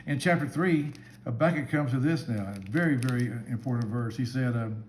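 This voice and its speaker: A man's voice: medium pitch, fairly quick. A man giving a short devotional Bible talk as a church minister, speaking in an earnest, conversational way. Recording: echoey room with faint background hum.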